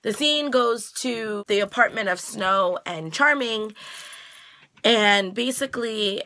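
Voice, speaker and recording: A woman's voice: a little high, takes it slowly, pushed and bright. A woman vlogger recapping a TV episode in a chatty, casual way with slangy asides.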